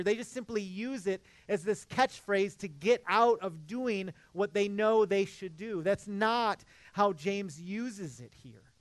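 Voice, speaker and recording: High-voiced man preaching a sermon, dry sound. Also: measured pace, hardly any pauses, no echo. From Midwest United States. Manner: earnest, conversational preaching with frequent restarts. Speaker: pastor.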